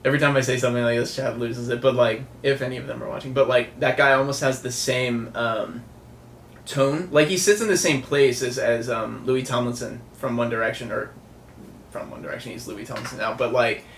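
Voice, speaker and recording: A man's voice: medium pitch, fairly even intonation, brisk, a little hiss or hum. A man working as a music producer, reacting in casual commentary, thinking aloud with lots of filler words. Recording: echoey room with faint music behind. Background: faint music.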